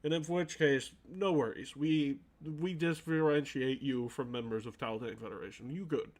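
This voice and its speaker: A man voicing a gruff male envoy who talks in clipped, broken speech and calls himself by name. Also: medium pitch, moderate pace, natural voice. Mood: blunt.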